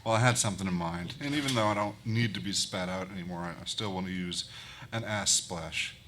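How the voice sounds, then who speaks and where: A man's voice: deep voice, fairly quick. A man playing in a tabletop game, hesitant and unsure about the rules. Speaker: player. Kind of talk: casual tabletop play. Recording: audible background noise.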